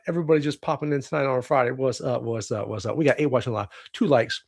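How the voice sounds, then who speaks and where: A husky, gravelly man in his forties, from the United States, hosts a casual livestream from home. He rambles, swears and laughs as he chats, pitched at an ordinary middle height, and the webcam catches him dry and close. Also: fast, hardly any pauses, darkish tone, no echo. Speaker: livestream host.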